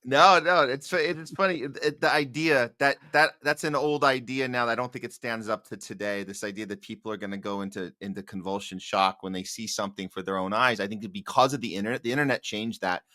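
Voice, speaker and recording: Man, bright forceful voice, wry sardonic remarks, dry close podcast mic. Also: medium pitch, quick pace, few pauses, no echo. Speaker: podcast guest. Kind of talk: casual podcast political chat.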